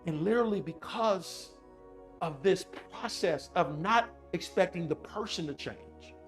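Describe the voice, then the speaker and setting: A man giving a motivational talk with a personal story, animated and repetitive, speaking straight to his audience. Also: high voice, measured pace, faint music behind. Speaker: motivational speaker on emotional intelligence.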